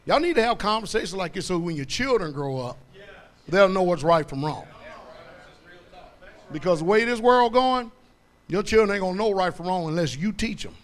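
This man's voice sits high as he preaches a sermon in a blunt, homespun style. He tests his listeners with "what?" and works up to loud, forceful stretches.

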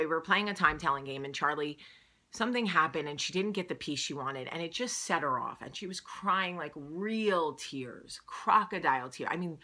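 Emotional woman with a bright, sharp voice. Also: deep voice. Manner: emotional, earnest, emphatic. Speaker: vlog host. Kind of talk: casual heartfelt monologue.

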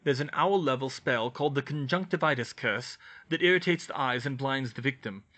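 A man voicing a calm adult wizard who lectures in a measured way, in an audiobook reading. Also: medium pitch. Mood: lecturing. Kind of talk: audiobook reading of fan fiction.

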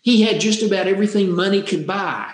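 A man's voice: high-pitched, brisk. A man telling a true life story in an earnest way, often repeating words for emphasis. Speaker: speaker on happiness. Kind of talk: storytelling talk. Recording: roomy echo.

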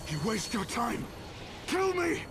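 A man's voice: very high voice, sing-song, slow pace, a bit bright, a little hiss or hum, exaggerated voice. An actor playing a grim, stoic male dragoon knight who speaks formally and solemnly in a game scene. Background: game music.

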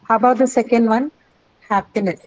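A woman's voice: fairly high pitch, steady tone, a little fast, a little mellow, lo-fi sound. A woman English teacher taking an online class, explaining word stress patiently and confirming answers with "correct" and "that's right".

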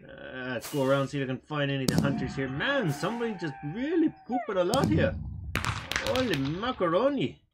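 Goofy man narrating his gameplay. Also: high voice. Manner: chatty, goofy, self-amused. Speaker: gaming channel host. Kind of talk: casual game commentary. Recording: noisy game capture.

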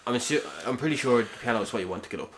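A man's voice: medium pitch, very fast, a little hiss or hum. A man playing a video game and chatting casually with his co-host, laid-back and teasing. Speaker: let's play co-host. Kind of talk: casual gaming commentary.

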